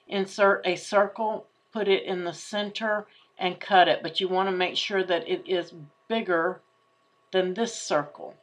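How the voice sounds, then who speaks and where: A woman hosting a crafting tutorial, chatting casually and thinking aloud as she works through design software. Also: mid-range voice. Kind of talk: screen-share craft tutorial.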